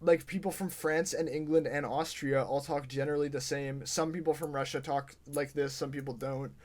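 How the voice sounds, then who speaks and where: A man co-hosting a film podcast, chatting casually with halting starts, frequent laughs and quick animated runs. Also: on the high side. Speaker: podcast co-host. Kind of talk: casual film review chat.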